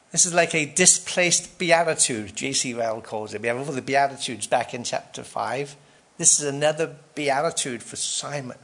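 A man preaching an expository sermon, emphatic and full of rhetorical questions and dramatic pauses. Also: medium pitch, animated, fairly bright tone.

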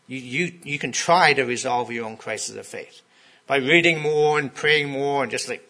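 A man's voice: mid-range voice, bright, forceful tone, slightly rough. A man preaching a sermon in a conversational way, often putting questions to his listeners.

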